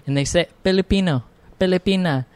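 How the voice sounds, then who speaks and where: A man's voice: high-pitched, fairly quick, clear, resonant tone, no room sound. A man from California, a comedian guest on a podcast, joking and self-deprecating, laughing often as he chats casually.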